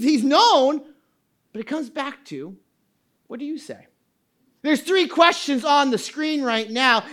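A woman pastor preaching a sermon, emphatic and full of repeated questions. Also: high voice. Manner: emphatic, questioning, with quoted asides.

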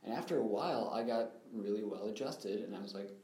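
A man's voice: on the low side, fast talker, mellow. A young man, a guest in an interview, recounting his life story in an earnest, reflective way. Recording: roomy echo.

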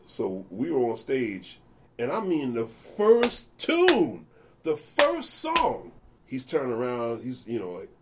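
A man's voice: mid-range voice, slow pace, a little hiss or hum. A man telling stories in a casual interview, acting out other people's voices as he goes. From United States. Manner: animated, acts out voices in anecdotes. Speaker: jazz bassist guest.

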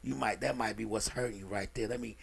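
A man voicing a smooth-talking male masseur who murmurs low and coaxing in a hushed voice. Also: fairly even intonation, fast talker, heavily acted.

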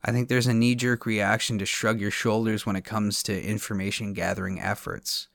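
A man hosting a podcast who reads a scripted monologue with dry, sardonic humor. His voice sits fairly low, and the recording is close and dry with no room sound. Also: little pitch movement, normal speed, creaky, few pauses, a bit bright, no room sound. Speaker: podcast host.

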